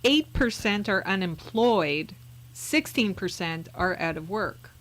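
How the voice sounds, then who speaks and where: A woman reading the part of a calm, know-it-all male straight man in a comedy sketch. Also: mid-range voice, slow. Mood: patient. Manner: calm, matter-of-fact explaining.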